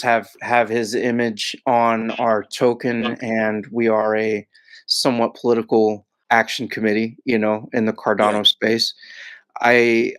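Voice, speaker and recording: A man speaking as a podcast guest in casual chat, measured and hedging, with repeated filler words. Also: mid-range voice, smooth.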